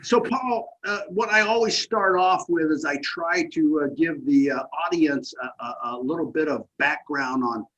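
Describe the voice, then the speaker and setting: A man hosting an interview show, opening with enthusiastic, animated talk. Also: fairly high pitch, moderate pace, few pauses, muffled recording. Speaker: host. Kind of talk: casual interview.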